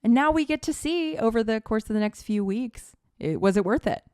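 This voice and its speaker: A woman's voice: a little high, lively intonation, a little fast, mellow, clean tone, dry recording, studio quality. A woman co-hosting a podcast, chatting casually and enthusiastically about basketball as a fan. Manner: enthusiastic, gushing fan talk. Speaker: podcast co-host. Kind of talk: casual sports chat.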